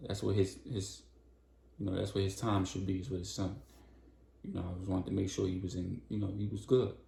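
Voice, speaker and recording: A man's voice: low voice, flat delivery, brisk, vocal fry, warm tone, echoey room, slight background noise. A man casually recapping a story, in loose, slangy conversational talk.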